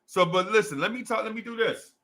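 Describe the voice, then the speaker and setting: Host, male, young adult, New Jersey accent; raised pitch, gravelly edge, slangy hype chat to fans. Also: fast talker, bright, forceful tone. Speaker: sports show host. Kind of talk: casual livestream chat to fans.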